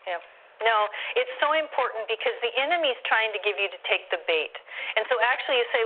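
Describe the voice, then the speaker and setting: A middle-aged woman, a guest speaker, telling stories with lively acted-out dialogue in an interview. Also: on the high side, fast talker. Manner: acts out quoted dialogue in her stories. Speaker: guest speaker on spiritual discernment. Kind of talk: animated storytelling in an interview. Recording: tinny phone-like line with faint hiss.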